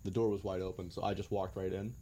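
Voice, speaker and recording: A man's voice: sits low, little pitch movement, quick pace, warm tone, slight background noise. A young American man telling travel stories in a laid-back, joking way, with some swearing. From United States. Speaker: guest. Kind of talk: casual storytelling.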